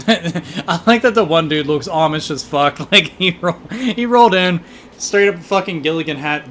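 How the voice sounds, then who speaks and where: Profane, excitable high-voiced male streamer. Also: a little slow. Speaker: streamer playing a game. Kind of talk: livestream game commentary.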